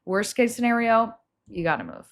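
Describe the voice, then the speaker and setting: A woman's voice: on the high side, sing-song, normal speed. A woman with a New Jersey accent co-hosting a podcast, reading listener questions and joking with frequent laughter. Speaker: podcast co-host.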